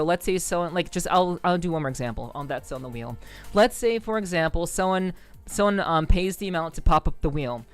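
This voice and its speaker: A woman's voice: fairly low pitch, clean tone. A woman streamer from the New York City area chatting casually with her viewers, rambling and swearing, with lots of ums and bursts of laughter. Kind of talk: casual livestream chat with viewers.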